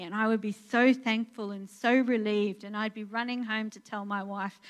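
A woman's voice: medium pitch, steady tone, normal speed. Earnest woman preaching. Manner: conversational, earnest, many fillers and restarts. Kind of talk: sermon. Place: church in Portugal.

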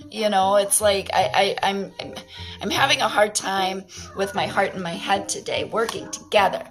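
A woman's voice: mid-range voice, low-quality recording. Woman, tarot reader, rambling and candid, feels scattered, faint music under her voice. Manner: rambling, candid, swears casually. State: feeling scattered and confused. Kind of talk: casual spiritual card reading.

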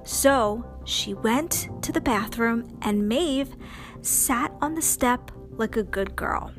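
High-voiced woman telling a kids' bedtime story, slow and lilting, soft music behind. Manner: slow, sing-song, dramatic ups and downs. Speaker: children's storyteller. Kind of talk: bedtime story narration for children.

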